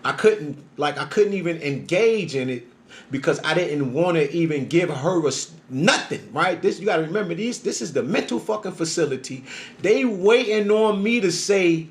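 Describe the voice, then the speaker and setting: A man telling a story in casual, profane street talk, often checking in with "right?", moving between a low calm murmur and loud heated bursts. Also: normal speed. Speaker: storyteller recounting his experience. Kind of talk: casual monologue.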